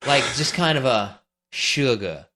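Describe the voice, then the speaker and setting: A man's voice: medium pitch, expressive, brisk, a bit bright. A man hosting an interview, chatting casually and laughing at himself. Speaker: interview host. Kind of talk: casual chat.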